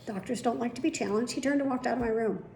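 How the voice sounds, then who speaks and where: A woman's voice: fairly high pitch, quick pace, creaky, darkish tone. A woman telling a story to camera in a blunt, indignant, heavily profane way. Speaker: video blogger. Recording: echoey room with faint background noise.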